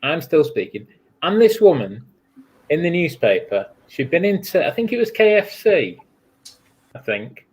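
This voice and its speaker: A man with a fairly high, very lively voice that rises and falls as he tells a joking story on a group call. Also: unhurried, husky. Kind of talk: casual group video chat.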